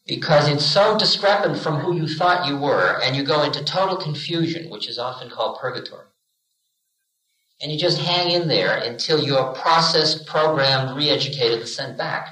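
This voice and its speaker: In a roomy lecture recording from the 1970s, a spiritual teacher in his forties playfully tells stories and performs little voices. He speaks at a normal speed in a slightly high, sharp-toned voice.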